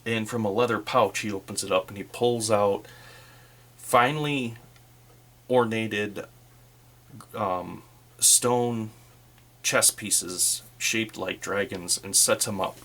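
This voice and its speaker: A man narrating a solo tabletop game as game master, in a relaxed, rambling way. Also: fairly low pitch, takes it slowly, pauses often.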